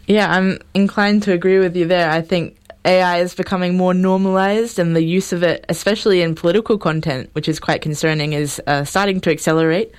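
Smooth-voiced New interviewer. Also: mid-range voice, fairly even intonation, a little fast. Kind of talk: prepared interview questions.

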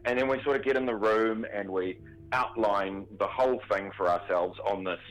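Casting: lower-voiced male radio guest, animated, filler-heavy, lively storyteller. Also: normal speed, rough recording. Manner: animated, chatty with many fillers. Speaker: theatre performer. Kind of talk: interview guest.

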